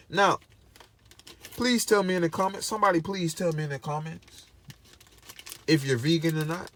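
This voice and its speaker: A man's voice: on the high side, moderate pace, pauses often, fairly bright tone, no room sound. Man, vlogger, casual commentary, preachy and repetitive, dry indoor sound. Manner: repeats himself, preachy and emphatic.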